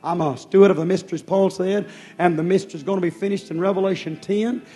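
A man preaching a fervent sermon in a rhythmic style, often dropping suddenly soft. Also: high voice, steady tone, fast.

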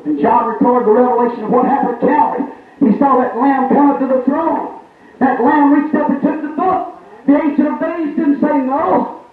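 A man's voice: extremely high pitch, fairly even intonation, moderate pace. A man preaching a fervent call-and-response sermon in a church service, rhythmic and repetitive, often asking his congregation if that is right. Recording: tinny, echoey old sermon recording from far off.

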